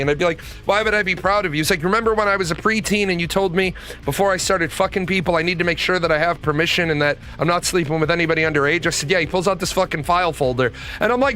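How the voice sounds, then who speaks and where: Middle-aged man host, high and bright voice, profane casual storyteller, faint music underneath. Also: fast talker.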